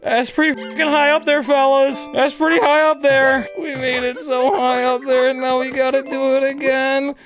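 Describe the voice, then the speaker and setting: A young man giving loud, jokey gameplay commentary, yelping and shouting at his mistakes and talking to his chat. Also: extremely high pitch, moderate pace, few pauses, music in the background. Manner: loud, excitable, frequent yelps and shouts; jokey, crude, talks to chat. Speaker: gaming YouTuber.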